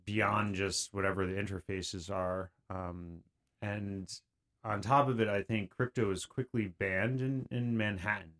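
A man's voice: fairly low pitch, fairly even intonation, unhurried, fairly bright tone. A man, guest on a podcast, telling his story in a rambling way with many fillers and restarts. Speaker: guest creator. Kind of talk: casual podcast conversation.

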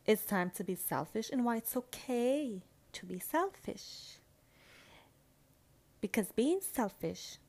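A young woman hosting a casual solo podcast, talking in an animated, chatty way, swearing casually and slipping into playful voices. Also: medium pitch. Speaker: podcast host.

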